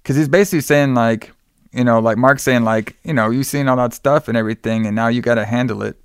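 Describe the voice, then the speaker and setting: A man loosely recounts a film's plot in a casual chat, leaning on fillers and quoting characters as he goes. His voice is smooth and resonant, at an ordinary pitch. The recording is dry and close, with no room sound. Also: fast, no echo. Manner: loose, filler-heavy retelling with quoted lines.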